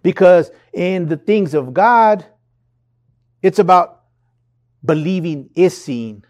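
A man's voice: sits high, expressive, takes it slowly, darkish tone. A man preaching a sermon in an earnest, conversational way, reading and explaining scripture. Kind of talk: sermon podcast.

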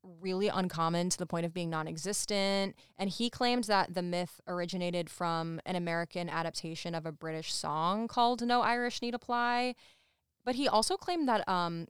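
A woman co-hosting a podcast in casual chat, talking fast and loose with plenty of "like" fillers. Her voice is low-ish and very smooth and clear. The sound is dry and close to the mic. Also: dry recording. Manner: chatty, lots of "like", laughs while talking. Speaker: podcast co-host. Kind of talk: casual chat recapping a show.

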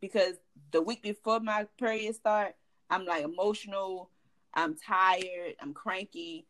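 A woman cohosting a podcast in casual chat, candid and expressive, acting out quotes as she tells stories. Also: mid-range voice, unhurried.

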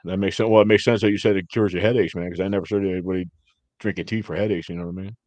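A middle-aged podcast host talks in a loose, rambling way, peppering his sentences with "man" and "dude". His voice sits on the low side and sounds close and dry, with no room around it. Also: very fast, no echo, highs cut off. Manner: rambling, animated storytelling with frequent "man" and "dude". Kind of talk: casual chat.

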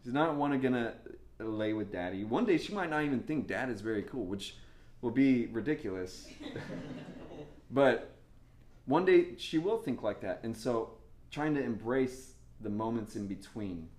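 Animated young male preacher, echoey room. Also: medium pitch, normal speed, slight background noise. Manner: conversational, animated preaching with laughs and asides. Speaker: pastor. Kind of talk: sermon.

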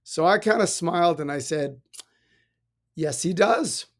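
A man, a rabbi, giving a casual spiritual talk and telling personal stories, animated with many restarts. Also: a little high, unhurried. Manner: animated storytelling with frequent restarts and laughs. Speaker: rabbi, podcast host.

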